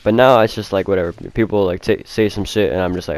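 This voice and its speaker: A man's voice: low voice, fairly even intonation, quick pace, a little mellow, a little hiss or hum. Rambling, foul-mouthed young guy. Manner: rambling, heavy swearing, lots of fillers. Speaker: vlogger. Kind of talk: casual storytime.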